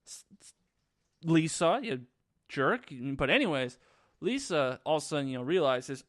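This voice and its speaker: Young guy ranting about a movie, sarcastic and swears a lot, bouncy pitch, dry close mic. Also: sing-song, moderate pace, pauses often, fairly bright tone, dry recording. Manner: sarcastic, crude, rambling. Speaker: movie reviewer. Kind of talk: casual vlog commentary.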